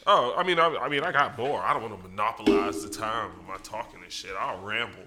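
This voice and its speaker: A man's voice: fairly low pitch, quick pace, roomy sound, over a noisy crowd. A man co-hosting a casual podcast, telling a long profane story with lots of animation. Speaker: podcast co-host.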